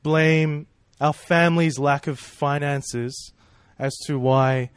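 A man's voice: on the high side, steady tone, takes it slowly, clear, resonant tone, no room sound, clean studio sound. Conversational man preaching a sermon. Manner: conversational, rhetorical questions, frequent "right?" and "you know".

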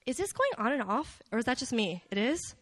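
A young woman giving a casual, story-driven talk at a church prayer meeting, chatty and animated, with many fillers. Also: on the high side, a little fast, a little hiss or hum. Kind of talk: conversational sermon.

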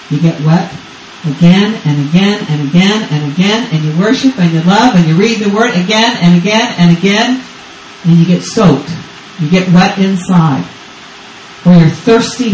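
A woman's voice: on the low side, darkish tone, far from the mic, a little hiss or hum. A woman in her fifties from Texas, a grandmother, preaching a sermon as guest speaker with urgent, repetitive call-and-response. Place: church service. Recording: roomy church sound from off-mic.

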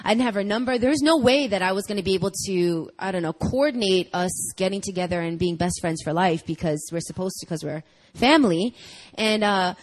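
A woman pastor, introducing a guest speaker in church with chatty, animated storytelling. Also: mid-range voice, fairly quick, hardly any pauses, low-quality recording.

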